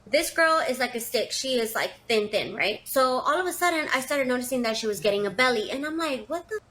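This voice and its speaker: A woman's voice: on the high side, expressive, a little fast, fairly bright tone. A young woman telling a confession story in a casual, chatty, dramatic way, with lots of fillers. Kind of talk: casual first-person storytelling.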